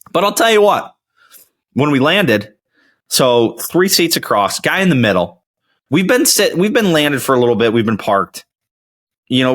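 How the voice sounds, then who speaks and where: A man's voice: mid-range voice, bright, forceful tone. A young man hosting his own show, chatting casually and telling rambling stories with frequent restarts. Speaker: podcast host. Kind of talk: casual solo chat.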